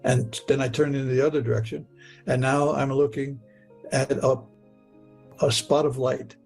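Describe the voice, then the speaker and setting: A man with a gravelly, fry-edged voice tells a personal story earnestly, stumbling and repeating words as he goes. His pitch sits in an ordinary middle range. Faint music plays under him. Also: flat delivery, normal speed, darkish tone. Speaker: guest telling his story.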